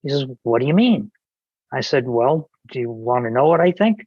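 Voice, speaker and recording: A man's voice: medium pitch, animated, normal speed, no echo, dull audio. A man, a podcast guest, telling an anecdote in casual conversation, with many restarts and quoted dialogue.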